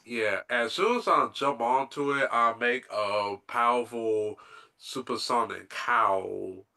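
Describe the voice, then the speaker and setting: A man's voice: medium pitch, slow, vocal fry, bright, forceful tone. A man playing a tabletop game, answering in brief, plain statements. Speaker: player.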